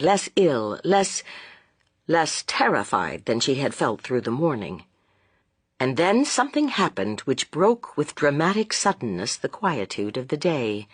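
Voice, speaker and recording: An expressive narrator reading a classic suspense novel with a lively, dramatic rise and fall. The voice is husky and breathy, and the recording is close and dry. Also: mid-range voice, no room sound. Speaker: audiobook narrator.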